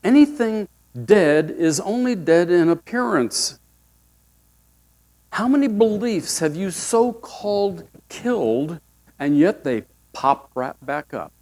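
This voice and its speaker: A man's voice: high-pitched, very animated, slow, a little mellow. A male pastor giving a sermon with folksy, humorous storytelling.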